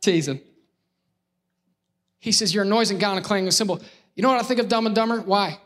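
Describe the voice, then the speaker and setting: High-voiced, animated male preacher. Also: brisk. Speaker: pastor. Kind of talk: lively sermon with crowd call-outs.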